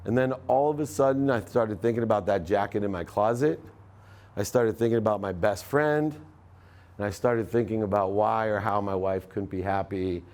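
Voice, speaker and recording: A man's voice: lowish voice, moderate pace, darkish tone. Man telling a motivational story on stage. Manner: storytelling, acts out quoted dialogue. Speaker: motivational speaker. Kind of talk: live motivational talk to an audience.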